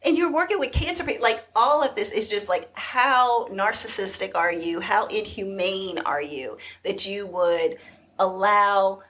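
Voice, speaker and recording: A woman co-hosting a casual podcast, telling a story with animated delivery and playful imitations of voices. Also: measured pace. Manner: animated storytelling, acts out quotes, drops into a deep whisper to imitate. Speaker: podcast co-host. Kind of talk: casual chat.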